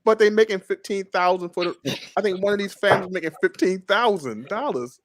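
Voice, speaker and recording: A man discussing a book chapter in a casual group talk, animated and laughing, repeating phrases. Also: high-pitched, fairly quick, no room sound, clean studio sound. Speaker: book club member.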